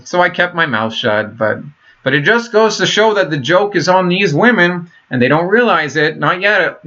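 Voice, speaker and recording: A man's voice: on the high side, sharp tone. Man rambling in a dull lo-fi recording. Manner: rambling, profane, many fillers and restarts. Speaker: vlogger. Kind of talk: casual monologue.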